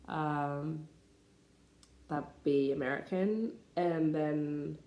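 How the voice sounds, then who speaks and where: A woman teaching English pronunciation, talking slowly and deliberately with frequent hesitations. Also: sits low, fairly even intonation, darkish tone, reverberant. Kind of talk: pronunciation lesson to camera.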